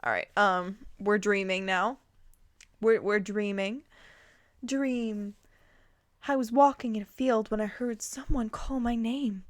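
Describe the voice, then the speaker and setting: A woman's voice: mid-range voice, takes it slowly, dry recording. A young woman reading fan fiction aloud, breaking in with giggles and sarcastic asides. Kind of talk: dramatic reading with comic asides.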